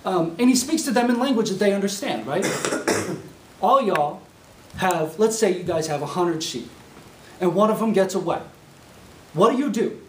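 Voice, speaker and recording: A man delivers a sermon with animated storytelling, slipping into little voices for the people in his parable. His voice sits high and swings widely in pitch. He is recorded from a distance in an echoey classroom, with a faint hiss underneath. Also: moderate pace, pauses often. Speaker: preaching student. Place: university classroom.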